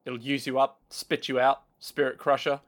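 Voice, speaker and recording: A young man co-hosting a podcast in casual chat, animated and jokey, going off on tangents and slipping into quick impressions. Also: medium pitch. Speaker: podcast co-host.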